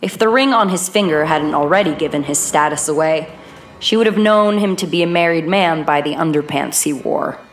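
A woman narrating a horror audiobook in a measured, even reading voice. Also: low-pitched.

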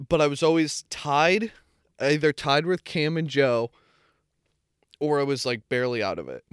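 A man's voice: a little high, moderate pace, pauses often, smooth, no echo, studio quality. Young man rambling through a story, swearing. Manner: rambling storyteller, swears freely, self-correcting. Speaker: podcast co-host. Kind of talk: casual chat.

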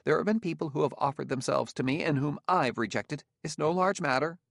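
A man doing a young proud courtier, tense, fast, higher-pitched, defensive, dry close sound. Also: creaky, fairly bright tone, no room sound. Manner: tense, quick and indignant.

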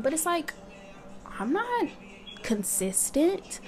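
A woman's voice: fairly high pitch, wildly swooping pitch, slow, vocal fry, background noise. A young woman hosting her own podcast, talking candidly in a casual monologue and swearing freely. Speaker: podcast host.

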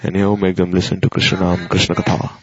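A man giving an earnest, admonishing devotional sermon, with pauses and fillers. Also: sits low, completely flat delivery. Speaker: spiritual teacher. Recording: dull lo-fi recording.

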